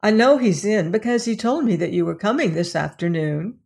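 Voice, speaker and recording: A woman voicing a prim, polite young housemaid who speaks respectfully and a little higher. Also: expressive, normal speed, creaky, a little mellow.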